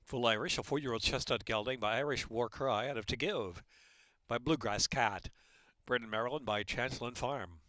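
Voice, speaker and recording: A man with an American accent calling horse races and reading track announcements in a brisk, rhythmic way. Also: medium pitch, dry recording. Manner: brisk, rhythmic, rising to a loud excited call in the stretch.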